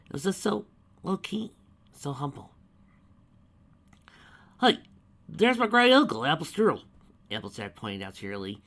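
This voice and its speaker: A man reading a fan-written story aloud, halting at times and restarting words. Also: lowish voice, a bit bright. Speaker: reader. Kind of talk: amateur fan fiction reading.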